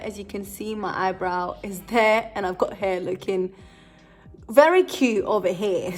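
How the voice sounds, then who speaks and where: Young woman vlogger, unhurried, rambling chatty tutorial, light self-mocking humor, faint music behind. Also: mid-range voice. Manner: rambling, full of "like" and "kinda" fillers; giggly, self-joking. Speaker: beauty vlogger. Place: at home.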